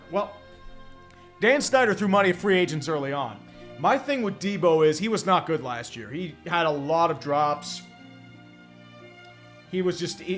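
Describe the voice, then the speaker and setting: A man's voice: sits high, a bit bright. A man streaming casual football chat, rambling with melodramatic fan despair. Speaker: sports streamer.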